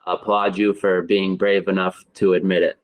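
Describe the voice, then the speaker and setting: A man hosting an interview for language learners, speaking in a measured, encouraging way. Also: sits low, flat delivery, poor audio. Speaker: host and English teacher.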